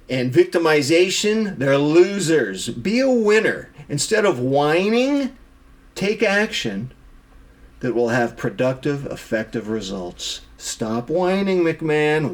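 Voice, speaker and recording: A middle-aged man vlogging to camera, emphatically scolding himself for his own excuses and calling himself out by name. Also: on the high side. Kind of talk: self-critical monologue to camera.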